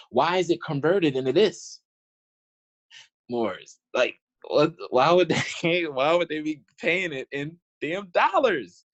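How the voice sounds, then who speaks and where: Sitting high in pitch, this man's voice comes across with lo-fi sound. As an online commentator, he reads old documents aloud with casual indignation, rambling, restarting, and saying "y'all" throughout.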